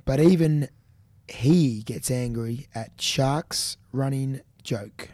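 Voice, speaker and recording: A man's voice: mid-range voice, slow, darkish tone, no room sound. An Australian man co-hosting a running podcast, chatting casually and teasing his co-host. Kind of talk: casual chat.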